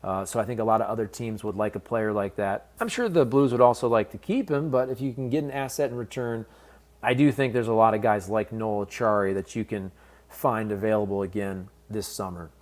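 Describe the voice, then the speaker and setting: A man's voice: on the low side, brisk. A man giving casual commentary on a hockey trade, talking candidly and directly to fans. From based in St. Louis. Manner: conversational, candid, fan-focused. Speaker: sports commentator.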